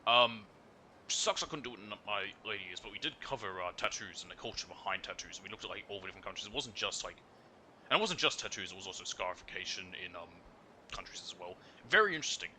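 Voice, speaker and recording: A bright, chatty young man streaming. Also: sits low, animated, quick pace, a little hiss or hum. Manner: rambling, chatty, with many fillers. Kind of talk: casual gameplay commentary.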